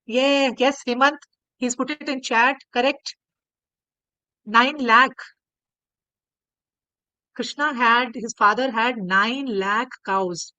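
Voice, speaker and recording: A woman with an Indian accent telling a devotional story to an online class over a video call, animated and often repeating words. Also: on the high side, slow pace, long pauses, no echo, poor audio.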